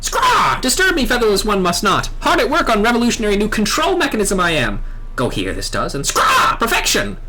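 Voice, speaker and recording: A woman's voice: medium pitch, huge pitch swings, brisk, music in the background. A woman voicing surly male bird-man tribesmen who squawk, threaten, and speak in backwards word order. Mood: grumbling.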